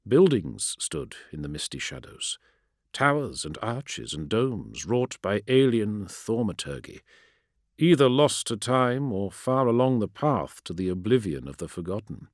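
A man narrating a science fiction audiobook in a dramatic, expressive way. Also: fairly low pitch, unhurried, no room sound, studio quality. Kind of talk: scripted narration.

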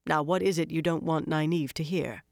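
A reader voicing a weary, brooding young man who speaks flatly and gruffly, with a resigned tone, in an audiobook. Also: mid-range voice, moderate pace, no room sound, clean studio sound, natural voice. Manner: flat, growling, resigned.

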